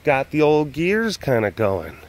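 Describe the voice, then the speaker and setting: A man's voice: on the high side, sing-song, measured pace, rough recording. Rambling self-mocking man vlogging. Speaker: host. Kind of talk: casual rambling monologue.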